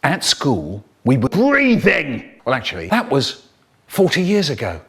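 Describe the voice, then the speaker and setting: A man telling silly comic stories in an animated spoken-word style, with sudden jumps in pitch. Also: a little slow, vocal fry, breathy edge.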